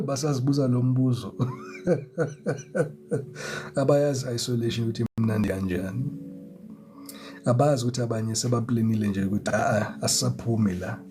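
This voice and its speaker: A man's voice: medium pitch, steady tone, a little fast, pauses often. A man giving a chatty live tarot reading, greeting viewers and chuckling often. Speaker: tarot reader. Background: music.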